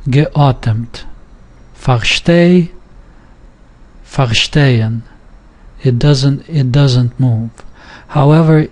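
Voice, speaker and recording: A man teaching a recorded language lesson, reading example words aloud and explaining the rules deliberately. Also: mid-range voice, darkish tone.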